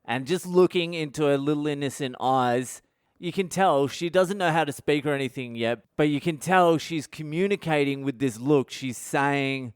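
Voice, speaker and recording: A man's voice: fairly high pitch, moderate pace, clear, resonant tone, dry recording, clean studio sound. Aussie guy rambling a funny story on his podcast, swears constantly, clean resonant voice. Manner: heavy swearing, rambling and candid. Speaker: podcast host. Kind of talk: comedic storytelling monologue.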